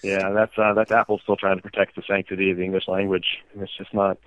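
A man guesting on a podcast in casual chat, self-mocking and a little halting. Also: low voice, little pitch movement, dry recording. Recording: tinny phone-like call line.

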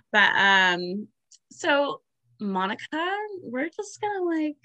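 A woman's voice: high-pitched, sharp tone, no echo. A young woman hosting a casual podcast chat, talking loosely with many fillers and frequent giggles. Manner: chatty, giggly, lots of fillers. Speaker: podcast host.

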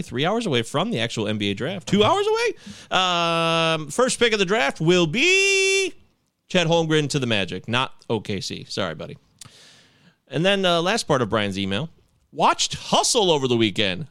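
A man's voice: a little high, bright, forceful tone, dry recording, clean studio sound. A man hosting a casual sports podcast, chatting and laughing with co-hosts. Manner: laughs often, conversational. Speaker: podcast host.

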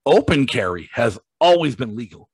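A man's voice: medium pitch, moderate pace, husky, no echo. A man from Massachusetts, a podcast guest, telling a story in a blunt, profane, casual way. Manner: blunt, profane, animated when quoting himself.

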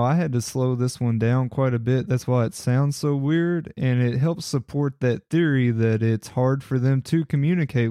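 Earnest man with a dark, dry voice. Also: mid-range voice, dry recording. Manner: earnest, speculative, reflective. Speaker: paranormal investigator. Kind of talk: casual narration over audio clips.

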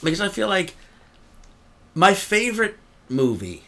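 A male comedian talks casually as a guest, rambling and swearing freely. His voice sits a touch high with a bright edge, and his pitch swings a lot. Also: a little slow. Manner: profane, rambling, animated. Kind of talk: casual chat.

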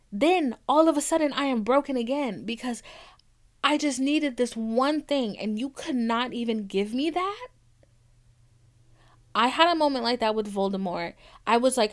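A young woman with a fairly high voice talks candidly on her podcast. She swears freely and gets animated as she acts out old arguments, blunt and unfiltered. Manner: blunt, profane and animated, acting out quoted arguments. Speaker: podcast host.

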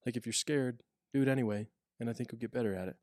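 A man's voice: medium pitch, fast talker, a little mellow, dry recording, studio quality. A man who works as a prison officer, telling stories in a casual podcast chat with lots of restarts and fillers. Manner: rambling storyteller, many restarts and fillers.

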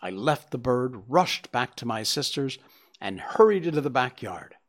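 Voicing a scared, desperate man confessing to theft in an audiobook, this reader uses a mid-range voice with big pitch swings at normal speed. The delivery is agitated and pleading, with an anxious mood.

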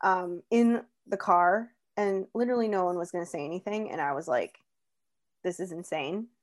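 A woman's voice: lowish voice, a little fast. Chatty young woman telling stories. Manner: chatty, animated storytelling with many "like"s. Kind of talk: casual chat.

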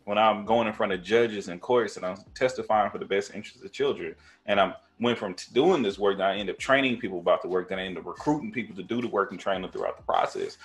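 A man with a deep voice telling stories in casual podcast chat, swearing freely and restarting his sentences often. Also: fast, few pauses. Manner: casual, profane storytelling with many restarts.

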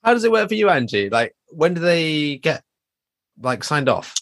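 A man's voice: a little high, moderate pace. A man with an East Midlands English accent, co-hosting a podcast in a teasing, casual chat. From Nottingham, England. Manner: lively, teasing. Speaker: podcast co-host.

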